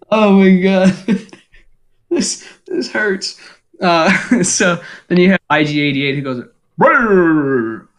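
A young man co-hosting a casual podcast, laughing often as he runs through quick grunts and death-cry impressions. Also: sits high, expressive. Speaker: podcast co-host. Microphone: home microphone.

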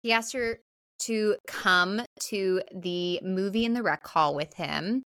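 A woman co-hosting a podcast, talking through a movie scene by scene. She is animated and jumps into higher voices to act out lines. The sound is dry and close to the mic. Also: takes it slowly, clean tone, dry recording. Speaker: podcast co-host. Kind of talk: casual film recap chat.

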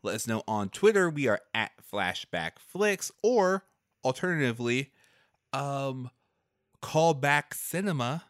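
A man's voice: mid-range voice, expressive, a little slow, a bit bright, smooth, dry recording, studio quality. A man co-hosting a casual movie-review podcast, laughing often and hesitating with many ums and restarts. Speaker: podcast co-host.

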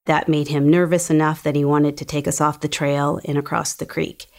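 A woman who survived an attack, calmly telling her story as personal testimony. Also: low voice. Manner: calm, measured storytelling.

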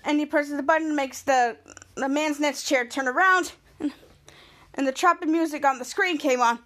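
Casting: rambling woman podcast host, high-pitched, casual recap delivery. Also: moderate pace, fairly bright tone. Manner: rambling, restarts often.

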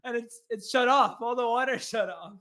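Speaking at a moderate pace in a very high voice, a podcast host spins an animated, rambling comic story full of swearing. He's recorded remotely through an online studio.

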